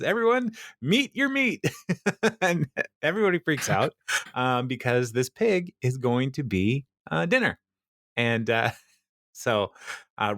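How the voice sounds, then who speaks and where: A man's voice: medium pitch, a bit bright, dry recording. A man casually recapping a sitcom episode, rambling, laughing often and acting out quotes. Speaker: podcast co-host.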